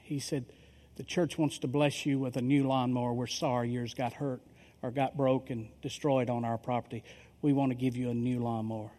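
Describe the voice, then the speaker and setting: Storytelling pastor in a reverberant hall. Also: male voice, mid-range voice, normal speed. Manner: animated storyteller acting out quoted dialogue. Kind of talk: sermon storytelling. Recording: long reverb of a large hall.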